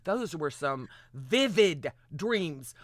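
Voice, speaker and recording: Excitable, swearing woman streamer. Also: medium pitch, measured pace, background noise. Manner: excitable, rambling and profane. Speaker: livestream host. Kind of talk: casual stream chat.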